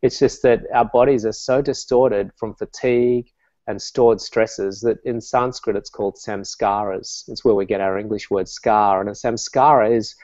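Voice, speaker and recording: Male meditation coach, lowish voice, calm and chatty, dry muffled sound. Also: no echo. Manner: calm, storytelling, many fillers. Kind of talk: interview guest.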